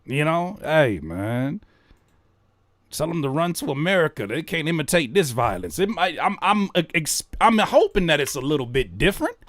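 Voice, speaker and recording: Animated joking man, high voice. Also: normal speed, no room sound, clean studio sound. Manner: animated, joking, rereads lyrics aloud; profane slang. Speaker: reaction host. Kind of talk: casual reaction commentary.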